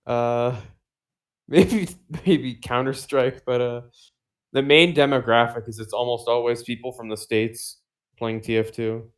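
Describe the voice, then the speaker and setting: A man's voice: medium pitch, fairly even intonation, measured pace. A man co-hosting a casual podcast, rambling with lots of fillers and swearing, laughing often. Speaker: podcast co-host.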